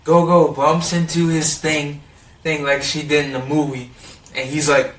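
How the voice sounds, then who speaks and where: A man giving a casual, rambling recap of a cartoon episode, excitable and full of "like.". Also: a little high, unhurried, far from the mic. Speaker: TV episode reviewer. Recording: roomy sound, set back from the mic.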